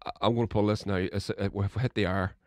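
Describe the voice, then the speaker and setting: Alone on his political podcast, a man launches into a profanity-filled, heated rant that climbs to shouts. He speaks briskly in a lowish voice with fairly even intonation, and the studio sound is clean with no echo.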